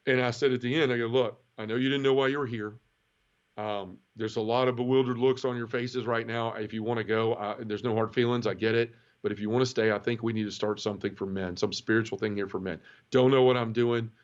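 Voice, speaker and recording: A man's voice: on the low side, lo-fi sound. A man telling his conversion story as an interview guest, frank and emotional, acting out quoted voices as he goes. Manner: animated, acts out quoted dialogue. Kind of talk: casual storytelling.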